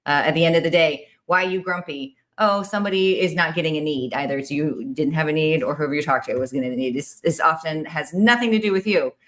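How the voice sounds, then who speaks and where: A woman's voice: low voice, quick pace, hardly any pauses. A woman hosting a podcast, talking in a rambling, chatty way, full of "like" and "right?". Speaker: podcast host. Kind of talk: casual chat.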